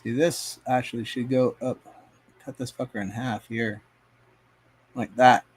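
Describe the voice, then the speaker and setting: A man's voice: mid-range voice, level tone, unhurried, breathy edge. A man live streaming as he paints, rambling to himself and his chat in a casual, profane way. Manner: rambling, talks to himself and chat, swears often.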